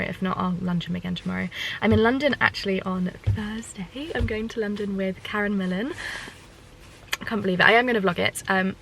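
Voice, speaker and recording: A young woman vlogging at a horse yard, chatting fast and rambling with lots of ums. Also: mid-range voice, fairly bright tone, slight background noise, low-quality recording. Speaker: equestrian vlogger. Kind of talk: casual vlog chat to camera.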